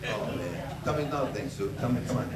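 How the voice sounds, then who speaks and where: A stand-up comedian with a Detroit-area American accent performs a crude, swearing set in a bar before a live audience, telling stories and acting out his wife's lines. His medium-pitched voice is expressive and fast. The recording is echoey and distant, with crowd sounds and heavy background noise.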